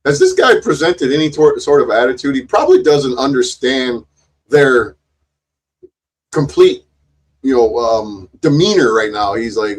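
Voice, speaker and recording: A co-host reacts to a video with casual, sarcastic commentary, mocking the people in it and swearing freely. His mid-range voice is sing-song and a little slow, with a breathy edge.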